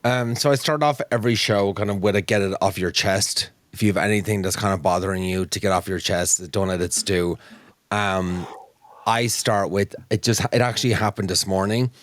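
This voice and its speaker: An Irish man hosting a casual podcast, his voice pitched fairly low. He tells stories with plenty of animation and swears as he goes. The sound is dry and close. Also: moderate pace, dry recording. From Ireland. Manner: animated storyteller, swears freely. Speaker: podcast host. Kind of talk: casual chat.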